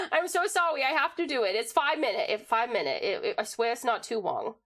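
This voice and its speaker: A tiny baby tiger creature babbles in cutesy baby talk, voiced by a woman streamer. The voice sits high and squeaks, and it leaps up and down in pitch. The grammar breaks like a toddler's. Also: expressive, normal speed, fairly bright tone. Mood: playful. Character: baby version of her tiger-like creature persona.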